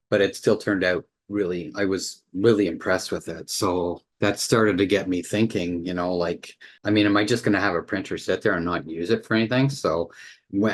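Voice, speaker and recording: Low-voiced man rambling about his photo prints. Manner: rambling, restarts sentences, easily impressed. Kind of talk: casual home video walkthrough.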